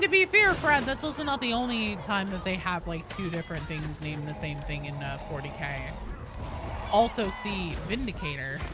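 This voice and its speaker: A woman's voice: fairly low pitch, background noise. Rambling woman game streamer. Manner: nerdy, rambling, full of fillers. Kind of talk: casual live-stream chat.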